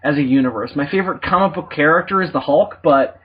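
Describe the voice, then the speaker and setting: A man's voice: fairly high pitch, fast talker, breathy edge. A man co-hosting a podcast, chatting casually and laughing often as he jokes around. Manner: laughs often, slips into silly put-on voices. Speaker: podcast co-host. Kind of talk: casual comedic chat. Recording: dull lo-fi podcast audio.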